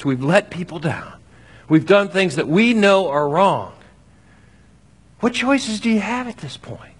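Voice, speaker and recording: A man preaching a sermon, acting out scripture with lively swings between loud and soft. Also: fairly high pitch. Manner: animated, acts out scripture with shifting loudness. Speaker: pastor.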